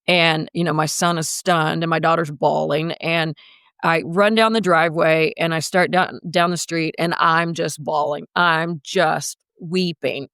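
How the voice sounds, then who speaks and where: A woman's voice: low voice, steady tone, unhurried, fairly bright tone, clean tone, dry recording, clean studio sound. A woman coach, a podcast guest, telling a personal story in a vivid, dramatic way.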